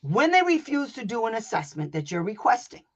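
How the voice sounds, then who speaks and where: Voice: medium pitch, big pitch swings, brisk, fairly bright tone. An advocate coaching parents in an informal online session, blunt and emphatic, swearing, laughing and hammering points home through repetition and acted-out exchanges. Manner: blunt, brash and emphatic, with profanity and frequent laughs.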